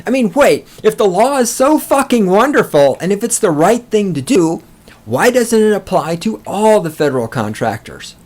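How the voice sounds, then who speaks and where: A man's voice: sits high, sing-song, moderate pace, a little mellow. A man hosting a podcast, ranting with sarcastic, profane, mocking commentary. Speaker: podcast host.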